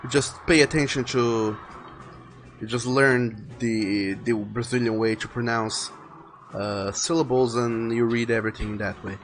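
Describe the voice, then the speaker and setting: A man's voice: mid-range voice, fairly even intonation, a little slow. A man chatting casually while drawing on a live stream, rambling and thinking aloud, often repeating words as he goes. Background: faint music playing.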